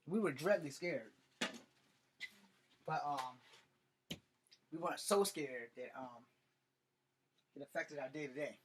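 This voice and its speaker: A man's voice: on the high side, pushed and bright, a little hiss or hum. A man casually telling a personal story, rambling and swearing with lots of fillers. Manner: rambling and profane, full of fillers. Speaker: vlogger.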